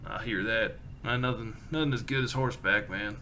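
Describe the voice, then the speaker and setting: A man voicing a rough, friendly young cowhand who swears freely and talks shop. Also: fairly low pitch, brisk, sharp tone, slight background noise. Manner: crude, swearing, backslapping.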